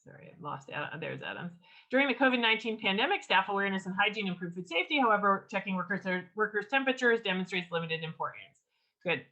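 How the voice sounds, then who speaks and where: A woman leading an online writing workshop over a video call, teaching in a lively, enthusiastic way with frequent ums and restarts. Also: medium pitch, fast talker, highs cut off. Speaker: workshop leader.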